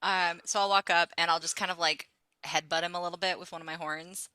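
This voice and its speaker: A woman's voice: fairly low pitch, fairly even intonation, fairly quick, sharp tone, a little hiss or hum. A woman playing in a tabletop game, talking casually and laughing easily. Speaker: player.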